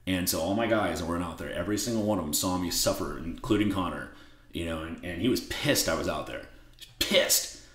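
A man telling a story as a podcast guest in a blunt, profane, animated way. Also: low voice, fast, reverberant. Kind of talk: casual interview storytelling.

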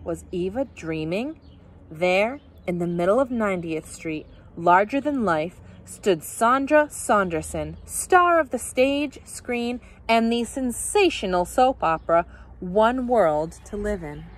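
A teacher reading a picture book aloud to children, her mid-pitched voice rising and falling with lively expression. She tells the story with animated, storybook flair. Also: slow.

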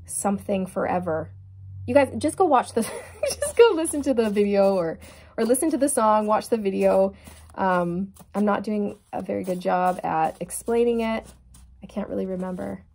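A woman reads tarot in a relaxed, chatty way, addressing her viewers directly. Her voice sits at an ordinary middle pitch for a woman, and her delivery is excitable and gushing. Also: gravelly. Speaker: tarot reader. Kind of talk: casual tarot reading to viewers.

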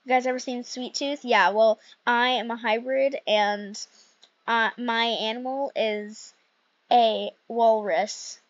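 A young woman giving rambling, excitable commentary while playing a video game, with many fillers. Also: fairly high pitch, takes it slowly, no room sound, muffled recording. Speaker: gaming youtuber. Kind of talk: casual gameplay commentary.

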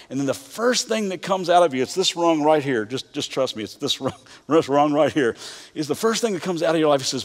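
A middle-aged pastor with a Kentucky accent preaches a folksy, conversational sermon, often stammering and starting over. His voice is fairly high and fairly quick, and the church auditorium gives it a hall-like reverb.

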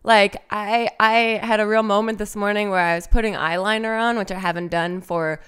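A woman's voice: mid-range voice, steady tone, moderate pace, a bit bright, clean tone. A woman in her thirties chatting casually as a podcast guest, laughing often and poking fun at herself. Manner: laughs often, self-deprecating.

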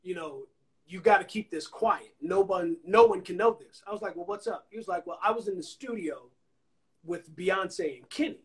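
A high-voiced songwriter and producer from Anniston, Alabama, tells animated stories at a normal speed in a casual interview, acting out the voices of people he quotes. He's on an Instagram Live phone call.

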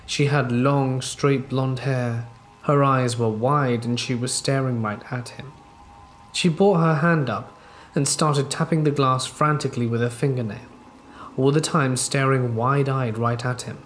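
A man narrating true scary stories in a calm, measured storytelling way. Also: medium pitch, faint music behind. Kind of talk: scripted narration. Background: faint rain ambience.

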